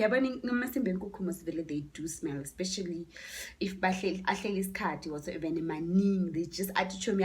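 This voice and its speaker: A woman with a South African accent tells a story in a casual vlog, chatty and animated, mixing languages and dropping into whispered asides. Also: medium pitch, slight background noise. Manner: chatty, switching between English and Zulu, animated with whispered asides. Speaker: YouTuber telling a story.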